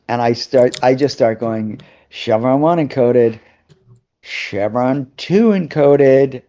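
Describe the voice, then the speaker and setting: A man tells a story as a guest on a live interview show, full of energy and acting out the voices of the people in it. His pitch sits in the middle range. The sound is a little dull and lo-fi, as if it comes over a video call. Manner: lively anecdotes, acting out other people's voices.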